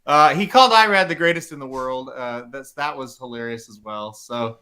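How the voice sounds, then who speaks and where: A man co-hosting a casual podcast, telling animated stories and laughing often. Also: medium pitch, normal speed. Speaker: podcast co-host, site owner.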